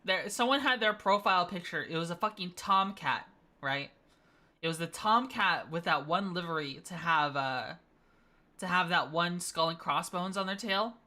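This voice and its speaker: A woman's voice: lowish voice, lively intonation, moderate pace, pushed and bright. A woman streaming a flight game, chatting casually with her viewers, playful and laughing often. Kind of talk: casual gaming stream chat.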